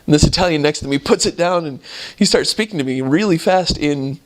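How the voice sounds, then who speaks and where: A man, a returned missionary, telling casual stories about his mission in a relaxed, rambling way with frequent chuckles. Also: fairly high pitch, a little fast.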